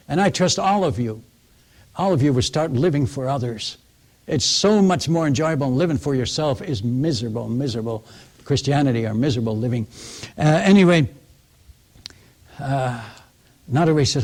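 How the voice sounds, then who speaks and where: A man preaching as a missionary, telling stories in an animated way, acting out the people he quotes and chuckling at his own tales. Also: mid-range voice, moderate pace. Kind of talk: storytelling sermon.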